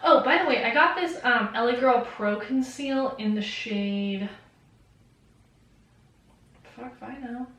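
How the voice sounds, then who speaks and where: A woman's voice: fairly high pitch, takes it slowly, pauses often, fairly bright tone, a little hiss or hum. A young woman vlogger chatting casually about a book, rambling and swearing with lots of fillers. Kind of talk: casual chat. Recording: very echoey room, distant mic.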